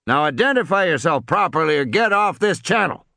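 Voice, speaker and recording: A man voicing a gruff boat captain who drawls impatiently over a radio in an audiobook. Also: a little high, sing-song, fairly quick, bright, forceful tone, no room sound, pitched above the performer's own voice, full character voice. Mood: annoyed.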